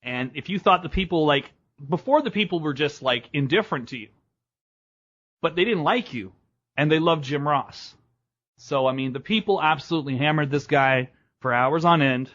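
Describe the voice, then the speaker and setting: Man, podcast host, slightly high voice, profane, rambling, dull lo-fi audio. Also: expressive, fairly bright tone. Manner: profane, rambling, quick to laugh. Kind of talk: casual podcast chat.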